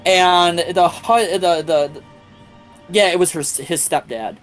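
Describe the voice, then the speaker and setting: A man streaming a game tells a crude personal story. His voice sits a little high, and he swears freely. He does quick voices for the people in the story. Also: faint music behind. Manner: profane, animated anecdote-telling with quoted voices. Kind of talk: casual storytelling while gaming.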